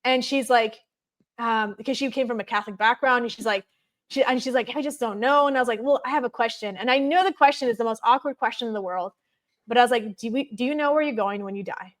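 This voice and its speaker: Woman guest, somewhat high voice, rambling conversational storyteller with frequent fillers. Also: fast. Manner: chatty, many fillers of "like".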